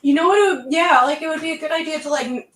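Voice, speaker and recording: A woman's voice: high voice, racing, fairly bright tone, recorded from a distance. A bubbly, talkative woman from Canada co-hosting a casual livestream. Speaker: livestream co-host. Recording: roomy sound from off the mic.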